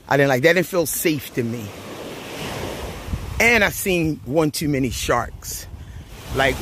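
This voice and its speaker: A man's voice: on the high side, slight background noise. A man chatting casually to his viewers at the beach, telling stories and repeating his phrases. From Grenada. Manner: relaxed, storytelling, uses y'all and repeats phrases. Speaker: vlogger. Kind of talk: casual vlog chat. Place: outdoors at a beach.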